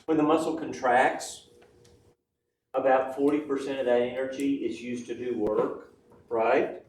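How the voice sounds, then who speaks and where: A man's voice: mid-range voice, steady tone, a little slow, a little mellow. A man lecturing a class in a chatty way, mixing personal anecdotes into the lesson and tagging his sentences with "right?" and "yes?". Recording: roomy, distant mic, faint room noise.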